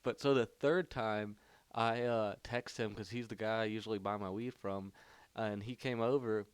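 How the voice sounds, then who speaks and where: A man's voice: on the low side, fairly even intonation, moderate pace, clean tone, no echo. A young man telling a long story to the camera, rambling with lots of "like" and "you know". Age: young adult. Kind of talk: casual storytelling.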